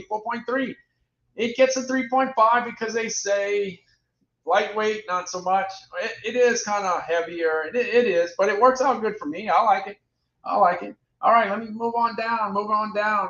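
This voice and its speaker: Bright-voiced chatty man reviewing products. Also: high-pitched. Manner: chatty, repeats phrases, reads out prices and ratings. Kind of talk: casual product chat. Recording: roomy, dull lo-fi sound.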